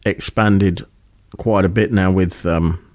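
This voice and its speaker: A man's voice: deep voice, steady tone, slow pace, darkish tone, no room sound, clean studio sound. A man hosting a podcast in casual chat, speaking hesitantly with lots of fillers. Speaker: podcast host.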